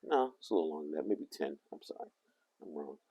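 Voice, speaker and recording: Older man, husky voice, lively up-and-down delivery, rambling anecdote, self-correcting. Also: rumbling low, fast talker. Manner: animated, meandering, self-correcting. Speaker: vlogger.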